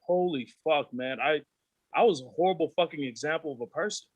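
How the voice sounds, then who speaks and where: Profane, animated man telling stories. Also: fairly high pitch, brisk, breathy edge, no room sound, narrow, tinny audio. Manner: profane, animated, acts out voices of peers. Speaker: podcast guest. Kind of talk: candid storytelling.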